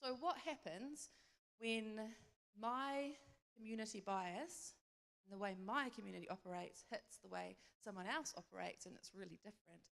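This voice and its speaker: A woman's voice: moderate pace, gravelly, fairly bright tone. A woman giving a conversational church talk, telling a personal story and acting out bits of dialogue. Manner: storytelling, acts out dialogue in a higher voice. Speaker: speaker sharing a testimony. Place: church hall. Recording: long hall reverb.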